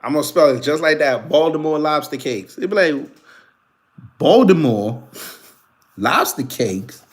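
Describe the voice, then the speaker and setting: A man's voice: a little high, fast talker. Teasing New man with a laugh. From New York. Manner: teasing, slangy, laughs often. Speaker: livestream host. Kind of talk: casual livestream banter with chat.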